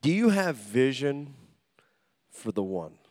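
A man's voice: medium pitch, slow pace, no room sound, studio quality. A man preaching a sermon, telling funny stories and calling out to the congregation for responses. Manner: animated storytelling with call-and-response to the congregation; humorous, acts out quoted voices. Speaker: pastor.

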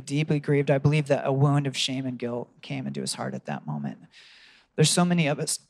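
Guy preaching, kinda higher voice, earnest, asks the crowd stuff, dry sound. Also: vocal fry, darkish tone, no room sound. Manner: earnest storytelling, asks the congregation questions. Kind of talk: sermon.

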